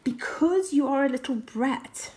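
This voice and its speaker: A woman's voice: sits high, a little mellow, pitched above the performer's own voice. A woman reading aloud voicing an irritated teenage girl who snaps at her little sister. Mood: snappish. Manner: snappish, quick.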